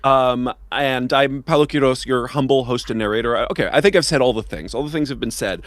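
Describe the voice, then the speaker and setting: A man's voice: mid-range voice, fairly quick, no room sound. A man hosting and narrating a live tabletop role-playing stream, chatty and self-deprecating, laughing often. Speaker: host and narrator.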